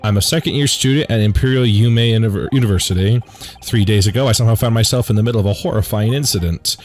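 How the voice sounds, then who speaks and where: A man's voice: on the low side, fast, darkish tone, close to an everyday voice. A man voicing a nervous, apologetic young male law student on trial, reading game dialogue aloud. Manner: anxious, apologetic.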